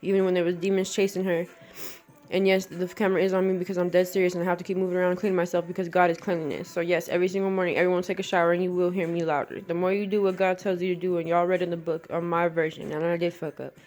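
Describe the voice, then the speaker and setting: A woman's voice: lowish voice, little pitch movement, rapid-fire, a little mellow. A woman in an earnest, rambling spiritual monologue, speaking straight to the camera.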